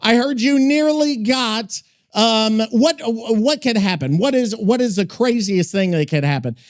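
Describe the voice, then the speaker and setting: A man co-hosting a gaming podcast, talking loudly and casually, swearing often and rambling with restarts. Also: very high voice, animated, measured pace. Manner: loud, profane, rambling with restarts. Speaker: podcast co-host.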